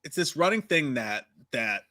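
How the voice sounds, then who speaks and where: A man co-hosting a podcast, talking in an exasperated, animated way and swearing a lot. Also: mid-range voice, normal speed, dry recording. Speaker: podcast co-host. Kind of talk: casual profane chat.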